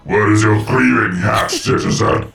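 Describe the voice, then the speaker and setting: A man voicing a cold, menacing male robot security guard who barks flat, clipped machine commands. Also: fairly low pitch, a little slow, gravelly, roomy sound, soft background music, full character voice. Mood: commanding.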